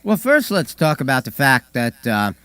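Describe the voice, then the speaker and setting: A hoarse man co-hosting a call-in show, telling stories with hesitant fillers and dry humor. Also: mid-range voice, huge pitch swings, normal speed, fairly bright tone, no echo. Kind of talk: casual radio chat.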